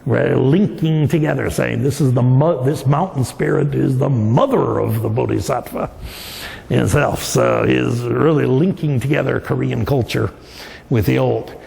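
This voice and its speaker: A man's voice: mid-range voice, unhurried, creaky, mellow. A man, a professor, giving a storytelling dharma lecture. He explains as he goes, often restarts his phrases, and laughs lightly. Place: large temple hall. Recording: long reverb of a temple hall.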